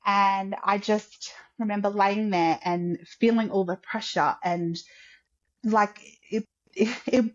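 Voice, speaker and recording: A woman's voice: medium pitch, fairly even intonation, slow pace. Chatty woman telling a story, dull audio. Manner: chatty, acts out quotes, many "like" fillers. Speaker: podcast guest. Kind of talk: casual personal storytelling.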